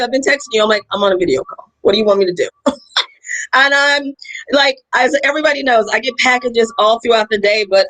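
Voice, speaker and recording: Woman livestream host, high and very lively voice, bubbly and laughing. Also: poor audio. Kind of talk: casual livestream chat. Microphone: video call.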